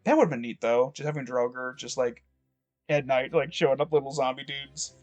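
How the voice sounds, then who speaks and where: A man's voice: medium pitch, normal speed, soft background music. Man in a mid-range voice, loose let's-play rambler who swears a lot and wanders off topic. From Michigan. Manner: rambling, profane, digressive. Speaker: gameplay commentator. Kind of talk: casual let's-play commentary. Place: rural home.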